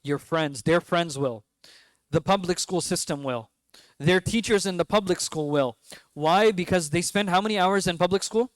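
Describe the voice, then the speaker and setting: A man's voice: sits high, moderate pace, no room sound. Young New York man giving a mosque talk. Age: 20s. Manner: conversational, asks the audience questions, jokes. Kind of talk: mosque lecture to parents.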